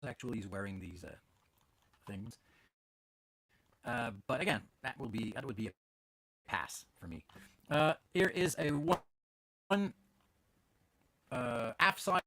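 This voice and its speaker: In a dry recording, a Canadian podcast host's medium-pitched, slightly bright voice carries a casual, rambling chat full of fillers and restarts, recorded at home with his dog.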